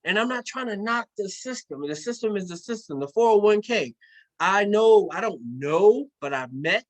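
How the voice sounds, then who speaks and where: A man with a notably high voice delivers a loose, animated sales talk. He repeats his key phrases and drifts into slang. He sounds middle-aged, walking viewers through figures on a screen. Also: normal speed, poor audio. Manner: animated, repetitive, slangy storytelling. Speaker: presenter of an investment program. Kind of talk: casual sales pitch with screen walkthrough.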